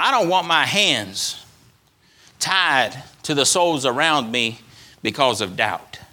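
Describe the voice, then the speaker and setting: This preacher's voice is medium in pitch, bright and pushed. As pastor he repeats phrases for emphasis, letting his delivery swell and drop.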